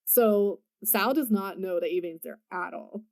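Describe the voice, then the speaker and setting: A woman's voice: mid-range voice, unhurried, gravelly, a little mellow. A young woman co-hosting a podcast, loosely retelling a film plot, swearing and laughing as she goes. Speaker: podcast co-host. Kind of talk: casual movie recap chat.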